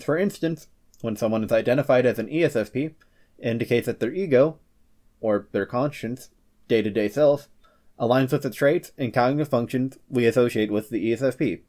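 A man hosting a scripted psychology explainer, reading with playful joking asides and quick comic character voices. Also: mid-range voice, a little mellow. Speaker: host of a personality-psychology channel.

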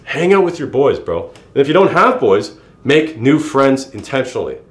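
Brash young man, echoey room. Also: moderate pace. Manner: brash, swearing, calls listener "bro", lively pitch jumps. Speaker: YouTuber giving self-improvement advice. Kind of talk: casual direct-to-camera advice monologue.

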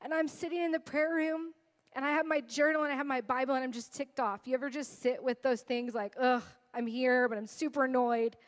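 A woman's voice: high voice, steady tone, fairly quick. A woman in her thirties giving an earnest, emotional testimony as a guest speaker in a sermon. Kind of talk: sermon storytelling.

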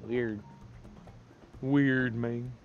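A man streams a retro platformer, swearing and grumbling at the game as he plays. His voice is gravelly, and the recording is slightly muffled and lo-fi, with game music under it. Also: mid-range voice, steady tone, extremely slow. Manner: profane, exasperated, talks to the game. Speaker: let's play streamer. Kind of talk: casual gameplay commentary.

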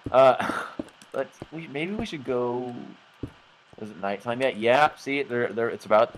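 A man's voice: lowish voice, background noise. A young man giving goofy, rambling let's play commentary and laughing at himself. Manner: rambling, goofy, self-mocking, lots of laughs. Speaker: gaming channel host.

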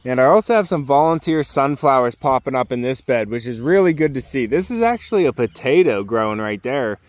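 A man's voice: medium pitch, animated, brisk, no echo. A man giving a casual walking tour of his garden outdoors, chatty and easygoing, joking along the way. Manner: easygoing, chatty, jokes and breaks off to talk to his dogs. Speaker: homesteader showing his garden.

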